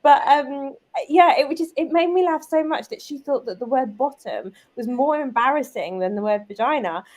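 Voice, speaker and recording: Chatty British woman, higher voice. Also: moderate pace. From United Kingdom. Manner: lively, chatty, many fillers like "like" and "um". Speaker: guest, business owner and mother. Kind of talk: casual conversational storytelling.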